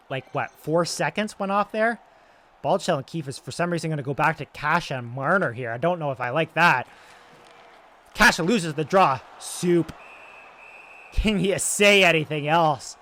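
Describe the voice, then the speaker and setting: Young man, play-by-play game commentary, slightly high-pitched, excitable, loud calls and low asides, strained voice. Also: moderate pace. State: straining his voice. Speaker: gaming YouTuber doing play-by-play.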